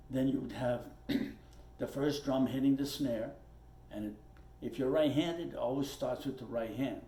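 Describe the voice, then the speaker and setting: A man's voice: mid-range voice, dark tone. A man teaching drums at his kit, plainspoken and patient, who repeats his points and checks in with "okay" as he explains step by step. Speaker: drum teacher. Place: room with a drum kit. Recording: roomy echo, faint noise.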